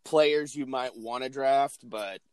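A man's voice: mid-range voice, slow pace, clean tone, dry recording. A man co-hosting a podcast in casual chat, easygoing, with short remarks and some swearing. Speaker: podcast co-host.

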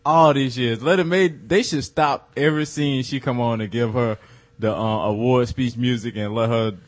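A man in relaxed podcast chat with a mid-range voice. He adds dry, wry one-liners to his friend's recap. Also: mid-range voice, normal speed. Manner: dry, wry quips between laughs. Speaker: podcast co-host. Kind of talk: casual chat.

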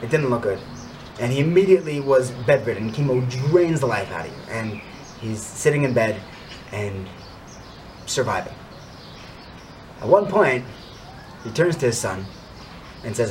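A man telling a story in a weekly Torah talk, dropping to a hushed tone for tense moments and rising when he urges his listeners on. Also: medium pitch, expressive, normal speed, long pauses, noisy background. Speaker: Torah speaker.

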